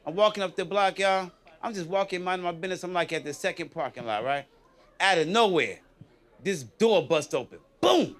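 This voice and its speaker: A man doing live stand-up on a club stage, telling stories in an animated, chatty way, often checking in with the crowd and laughing at his own punchlines. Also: high-pitched, fairly quick. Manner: animated, chatty, keeps asking the crowd "you know what I mean". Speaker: stand-up comedian.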